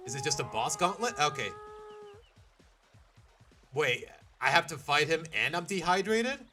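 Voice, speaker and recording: A man's voice: fairly high pitch, measured pace, soft background music. Jokey young male game streamer. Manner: animated, jokey, slips into silly accents. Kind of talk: casual live-stream chat.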